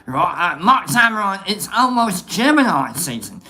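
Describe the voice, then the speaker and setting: A man's voice: sits high, big pitch swings, normal speed, bright, forceful tone, heavily acted. Format: a man putting on a hammy mock Australian-English accent. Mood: jokey. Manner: joking, rambling, reading out viewer names. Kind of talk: livestream chat to viewers.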